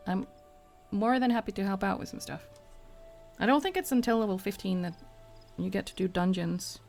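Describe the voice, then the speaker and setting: A woman's voice: mid-range voice, creaky, darkish tone. A woman giving chatty, casual commentary while playing a game, over game music. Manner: chatty, quick asides. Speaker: gameplay story reader.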